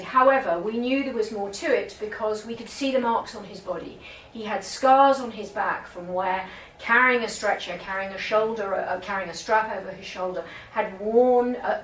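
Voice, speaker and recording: A woman's voice: mid-range voice, fairly bright tone. A British woman historian giving a public lecture, telling stories with asides and self-corrections. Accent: British English. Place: museum gallery. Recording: echoey room, distant mic, faint noise.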